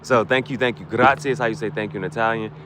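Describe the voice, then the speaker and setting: A man's voice: on the low side, sharp tone, a little hiss or hum. A man streaming a video game, giving rambling tips in casual commentary and often restarting his sentences. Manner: rambling, restarts a lot, breaks into quick rap freestyles for gifts. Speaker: gaming streamer.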